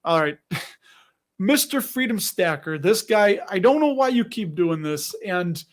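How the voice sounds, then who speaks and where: A man's voice: high voice, animated, unhurried. A man with a Chicago accent hosting a casual livestream, rambling and chatty, laughing often as he reads comments. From Chicago area. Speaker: livestream host.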